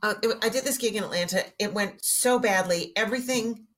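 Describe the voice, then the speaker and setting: A woman's voice: mid-range voice, a little fast, fairly bright tone. A middle-aged woman comedian telling self-mocking stories in a casual podcast chat.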